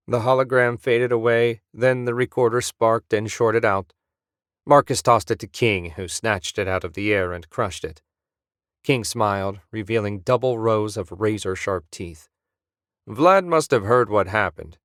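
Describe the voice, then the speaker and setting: A man narrating a science-fiction audiobook in a steady storytelling manner on a close mic. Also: fairly low pitch, measured pace, no echo.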